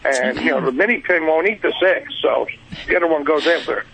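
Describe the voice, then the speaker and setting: A man's voice: on the high side, brisk, vocal fry, background noise. A man with a Brooklyn accent calling in to a radio show, a truck driver who talks in a rambling, chatty way. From New Jersey. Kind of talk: phone-in chat.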